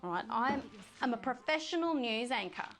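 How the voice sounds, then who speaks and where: Brief: a purring, mocking evil TV hostess, a bit high, soft music under. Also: female voice, expressive, normal speed. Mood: irritated. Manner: taunting, teasing, purring. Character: scheming seductive female TV villain presenter. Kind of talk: game full-motion video acting.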